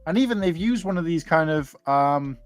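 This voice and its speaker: A man hosting a casual online chat about toy sets, chatty and animated, laughing often. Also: a little high, normal speed. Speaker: podcast host.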